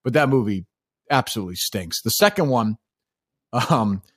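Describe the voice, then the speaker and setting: A man's voice: medium pitch, animated, moderate pace, a bit bright, breathy edge, dry recording, studio quality. A man co-hosting a casual movie podcast, blunt and opinionated, rambling through his points. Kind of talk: casual movie-discussion chat.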